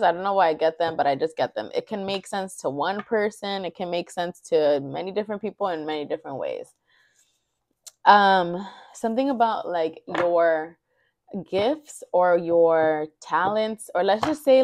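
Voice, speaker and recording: Woman, lowish voice, loose rambling tarot reader, close dry sound. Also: darkish tone, no room sound. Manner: rambling, thinking aloud with many fillers. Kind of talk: intuitive card reading, casual monologue.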